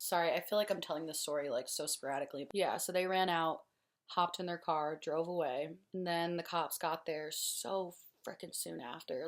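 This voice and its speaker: A young woman vlogger telling a personal story in an emotional, rambling way, full of fillers and swearing. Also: on the low side.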